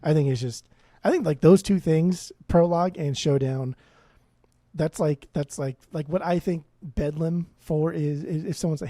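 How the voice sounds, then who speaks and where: A man co-hosting a casual music podcast, pushing his opinions in an animated way with frequent swearing. His voice is somewhat high but mellow and warm, recorded close and dry. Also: moderate pace, no room sound. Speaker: podcast co-host. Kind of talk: casual chat about music.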